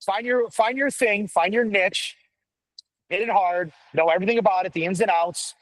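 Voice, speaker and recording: A middle-aged man with a gruff voice, pitched a little high, talks bluntly and profanely in an animated, casual chat. He sounds close and dry, with no room around him. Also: normal speed, no room sound, poor audio. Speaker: podcast guest, firefighter paramedic.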